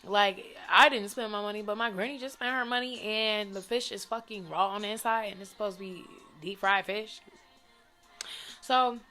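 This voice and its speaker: Blunt, bright-voiced young woman ranting. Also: mid-range voice, normal speed, soft background music. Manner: blunt, profane, animated storytelling with quoted voices. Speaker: vlogger. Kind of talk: casual storytime rant to camera.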